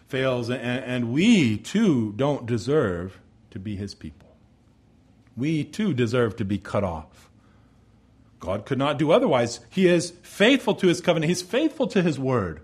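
Guy giving a sermon, earnest, gets loud and emphatic then drops real low. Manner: earnest preaching, rising to emphatic peaks then dropping low. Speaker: pastor.

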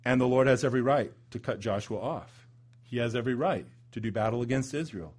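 A man preaching a sermon, building to loud emphatic peaks and dropping low and slow for weight. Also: expressive, husky. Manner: dramatic swings in pitch and loudness, slows for emphasis.

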